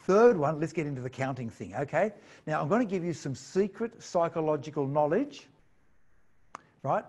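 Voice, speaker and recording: Give me a man with a slightly high voice giving a playful science talk. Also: breathy edge. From Australia. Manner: playful, jokey, animated storytelling. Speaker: science presenter. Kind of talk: lively live science talk.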